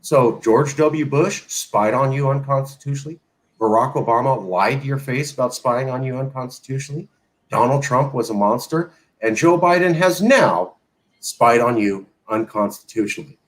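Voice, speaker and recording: A man's voice: medium pitch, normal speed, low-quality recording. A man hosting a political talk show, speaking with sarcastic emphasis and mocking the people he quotes. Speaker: host.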